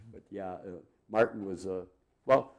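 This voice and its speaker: A man's voice: deep voice, slow pace, vocal fry, darkish tone. A man in his eighties from Minnesota, reminiscing in a rambling, chuckling way full of fillers. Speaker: interviewee. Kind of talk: reminiscing storytelling.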